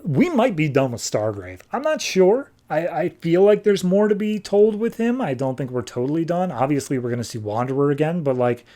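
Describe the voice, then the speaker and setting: A man's voice: fairly high pitch, sing-song, moderate pace, few pauses, warm tone. A man hosting a podcast, giving a casual, rambling review of a comic book. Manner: rambling, conversational. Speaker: podcast host.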